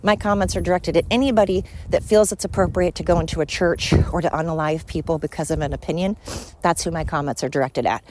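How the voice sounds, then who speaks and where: A woman with a fairly low voice hosts a solo podcast in a casual monologue. She talks bluntly and rambles, with a faint noise under the recording. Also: fairly even intonation, quick pace, darkish tone. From Sweden. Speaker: podcast host.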